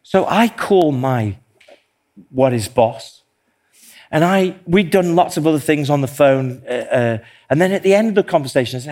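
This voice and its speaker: A man's voice: fairly high pitch, lively intonation, normal speed, darkish tone. A man preaching a sermon, telling a personal story in an earnest, self-deprecating way. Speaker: pastor.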